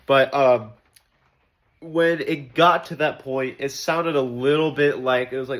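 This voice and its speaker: A man's voice: mid-range voice, fairly even intonation, a little slow, a bit bright. Man, mid-range voice, casual spoken feedback, rambling, filler-heavy, keen on music detail. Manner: rambling, many fillers and restarts; enthusiastic about music details. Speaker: choir member giving feedback. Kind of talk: casual spoken critique and explanation.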